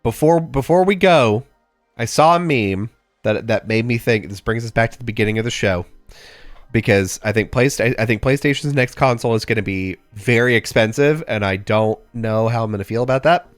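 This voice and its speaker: A man's voice: medium pitch, moderate pace, dry recording, clean studio sound, soft background music. A man co-hosting a podcast in casual chat, joking and riffing with silly voices and sound effects. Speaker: podcast co-host.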